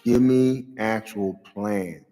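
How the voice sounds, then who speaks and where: Low-voiced man ranting sarcastically. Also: slow pace. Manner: rambling, hunts for words, sarcastic, bursts into loud outbursts. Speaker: show host. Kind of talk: casual political commentary monologue. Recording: long reverb with faint music behind.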